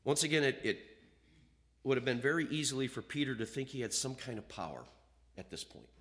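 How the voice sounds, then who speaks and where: Male preacher, animated sermon delivery, voice rising and falling widely, acts out dialogue. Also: medium pitch, a little fast. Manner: animated, acts out quoted voices, reads scripture aloud.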